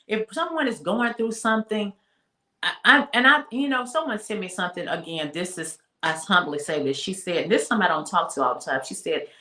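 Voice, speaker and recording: Low-voiced woman giving emphatic faith talk. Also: pushed and bright. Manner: emphatic, preachy, repeats phrases and slows down for emphasis. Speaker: speaker and women's mentor on a talk show. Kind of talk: casual faith-based talk. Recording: roomy echo.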